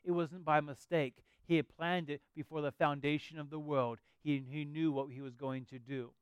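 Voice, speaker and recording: A man's voice: on the high side, fairly even intonation, normal speed, smooth, dry recording. A middle-aged man preaching a sermon as a pastor, earnest and conversational with emphatic rises.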